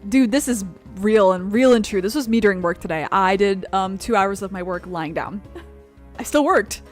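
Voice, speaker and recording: A chatty young woman talks casually over a video game, laughing often as she rambles. Her voice sits at a middling pitch. Soft music plays faintly in the background. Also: normal speed. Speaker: streamer. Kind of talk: casual gameplay commentary.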